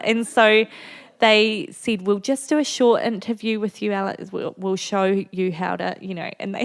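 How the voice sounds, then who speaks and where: A guest author in her thirties with a New Zealand accent tells candid, funny stories on a festival stage before an audience, laughing often. Her pitch is fairly high, her intonation fairly even, and she speaks at a normal speed.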